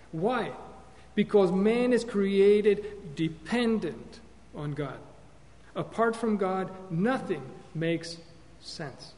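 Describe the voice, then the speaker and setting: A man's voice: high-pitched, a little mellow. A man teaching an earnest Bible lesson on counseling, sermon-style, often repeating and correcting himself as he goes. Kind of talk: classroom-style sermon lecture. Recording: long hall reverb with faint hum.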